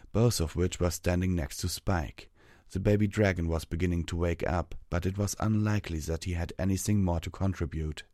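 A man reading a fantasy story aloud as narrator, steady and measured. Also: deep voice, no room sound, clean studio sound.

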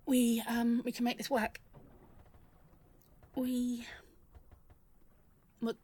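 A young woman in an audio role-play addressed to the listener, halting and stammering, emotional, swearing often. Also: a little high, completely flat delivery, dark tone, husky.

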